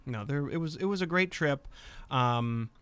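A man's voice: mid-range voice, lively intonation, measured pace, a bit bright, clean tone, no echo. A man hosting a casual comedy podcast, rambling and cutting himself off mid-sentence as he jokes with his co-hosts. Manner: rambling, self-interrupting, joking. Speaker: podcast host.

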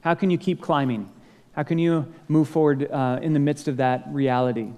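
A man's voice: a little high, fairly even intonation, normal speed, mellow. Male pastor preaching in a reverberant hall. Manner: conversational, self-deprecating humor, acts out dialogue. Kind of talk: sermon. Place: church sanctuary. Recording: long reverb of a large hall.

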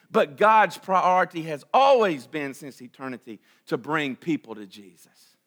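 A man delivers a sermon as a church pastor, his voice high-pitched and ringing with brightness. He preaches emphatically, repeating key phrases and moving between loud, forceful outbursts and quiet, hushed stretches. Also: expressive, moderate pace.

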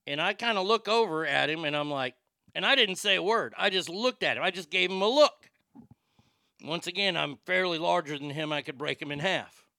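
A man's voice: on the high side, a little fast, creaky, bright, forceful tone, no room sound, clean studio sound. A man telling a crude, rambling, mocking story in a casual rant. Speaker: storyteller and prank caller.

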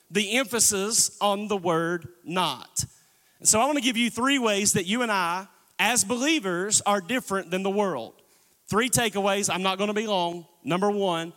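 A man's voice: sits high, moderate pace, fairly bright tone. A man preaching a sermon as pastor, calling on the congregation to respond. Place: church sanctuary. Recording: long church reverb.

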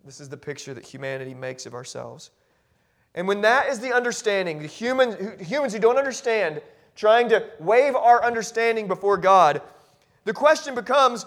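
High-voiced pastor preaching with passion. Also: male voice, expressive, moderate pace. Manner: impassioned, building from low musing to loud emphatic declarations; repeats and restarts words when carried along. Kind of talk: sermon.

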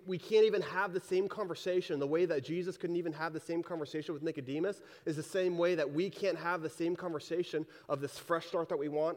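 A man with a fairly high speaking voice delivers a sermon in a loose, chatty manner, rephrasing old texts in plain modern talk. His voice rings out with a long reverb tail, as if filling a big hall. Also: darkish tone. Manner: casual, conversational preaching, paraphrasing scripture in everyday speech. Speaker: pastor.

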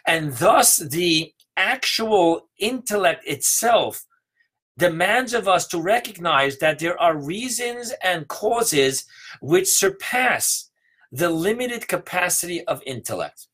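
A man as rabbi, teaching a sermon and stressing key words emphatically, slowing down to land each point. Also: high-pitched, very animated, a bit bright, slightly rough. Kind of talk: sermon on Hanukkah mysticism.

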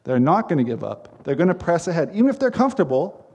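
A man's voice: fairly high pitch, sing-song, quick pace, darkish tone, slightly rough. A man preaching a sermon as pastor, earnest and emphatic, with repeated phrases.

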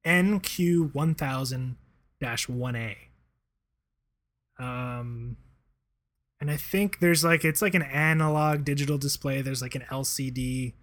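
A man chatting casually as a podcast co-host, relaxed and rambling, with lots of fillers and laughter. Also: mid-range voice, takes it slowly, pauses often. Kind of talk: casual chat.

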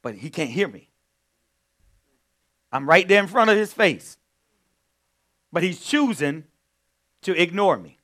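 A male pastor preaching in a conversational way, moving from quiet storytelling to loud, emphatic points. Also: high voice, big pitch swings, unhurried, pauses often. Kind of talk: sermon.

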